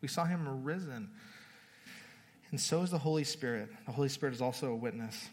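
A male pastor preaching a sermon in a relaxed, conversational way, often restarting words and laughing at the story. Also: mid-range voice, a little fast. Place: church hall. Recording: long reverb of a church hall.

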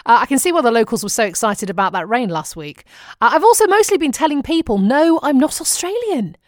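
A woman's voice: a little high, sing-song, fast talker, dry recording. Northern english woman from manchester doing a chatty diary vlog, wry jokes, dry close sound. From Manchester, England. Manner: chatty and wryly humorous. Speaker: vlogger.

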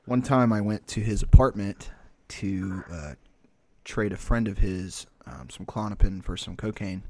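A man's voice: fairly low pitch, unhurried, a little mellow, dry recording. A man co-hosting a podcast, telling a rambling, profanity-heavy story in casual chat. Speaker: podcast co-host.

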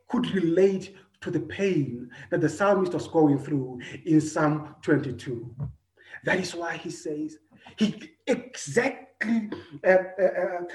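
A man, preaching a personal sermon, earnest, repeating his phrases, swinging between loud and soft. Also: fairly high pitch, expressive, takes it slowly. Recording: echoey room.

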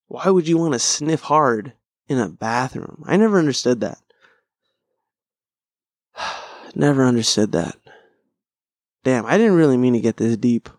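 A man's voice: mid-range voice, dry recording, studio quality. A man hosting a casual solo podcast, rambling, swearing and poking fun at himself. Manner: rambling, profane, self-deprecating. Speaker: podcast host and stand-up comic.

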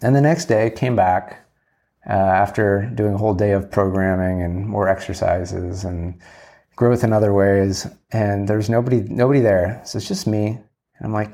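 A man's voice: lowish voice, fairly even intonation, normal speed, warm tone. A man telling a rambling, candid story in a casual monologue, acting out bits of dialogue and swearing freely.

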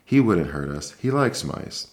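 A man voicing an eager, restless young male mouse in a soft-spoken ASMR bedtime story reading, with a bold, boastful manner. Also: low voice, big pitch swings, a little slow, full character voice.

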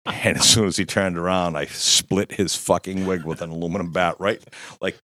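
A man's voice: sits low, steady tone, normal speed, sharp tone, no echo, clean studio sound. A man in his fifties telling a rowdy, profane story in casual chat, laughing as he goes. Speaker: guest storyteller.

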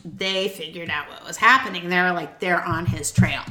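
Bright-voiced woman telling a crime story. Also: fairly low pitch, normal speed. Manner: playful, teasing, quizzes her co-host. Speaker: podcast host telling a true crime story. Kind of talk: casual storytelling chat. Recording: echoey room with faint noise.

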